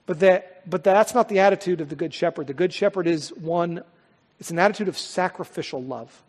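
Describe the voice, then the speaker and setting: A male pastor delivers a sermon with earnest, dynamic force, building to loud swells and then dropping into hushed pauses. His voice sits high for a man. The sound carries a long reverb from a large church hall.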